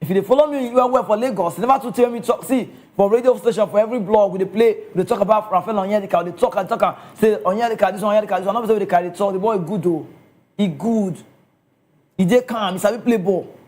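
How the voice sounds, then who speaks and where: A man's voice: high-pitched, fast, a little mellow. A man with a Nigerian accent giving casual football commentary, chatty and often checking in with his listeners.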